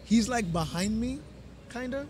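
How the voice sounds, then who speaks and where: A man's voice: very high-pitched, lively intonation, a little slow. A man, co-hosting a podcast and telling a long, profane story with many restarts. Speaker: podcast co-host. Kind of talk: casual storytelling chat.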